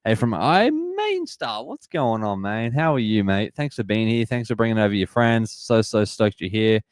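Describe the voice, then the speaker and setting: A man's voice: fairly low pitch, normal speed, clean tone, no echo. Upbeat Australian man in his twenties. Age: 20s. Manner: upbeat, reads and greets chat viewers, repeats phrases. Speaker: livestream host. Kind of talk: live sports watch-party chat.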